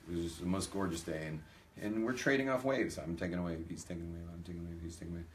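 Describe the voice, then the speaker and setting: An American rabbi tells funny anecdotes to a live audience, animatedly acting out the dialogue. He has a low voice and talks very fast, with slight background noise.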